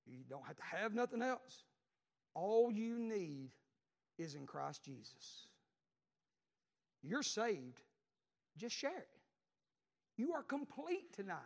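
Swinging between loud and hushed, a high-pitched middle-aged preacher with a Southern US accent repeats lines while telling a family story in his sermon.

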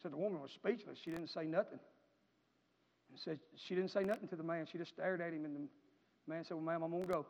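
Male pastor, high-pitched, folksy sermon delivery that climbs to fervent shouting; long reverb, muffled lo-fi capture. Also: quick pace, creaky. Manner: folksy storytelling that builds to impassioned shouting. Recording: echoey hall, dull lo-fi sound.

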